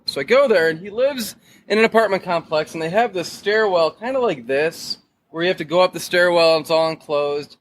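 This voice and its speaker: A man's voice: high voice, a little fast, slight background noise, rough recording. A young man from Detroit, a podcast guest telling a wild story in casual, profane talk. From Detroit, Michigan. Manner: profane, animated storyteller, loud when acting out shouts.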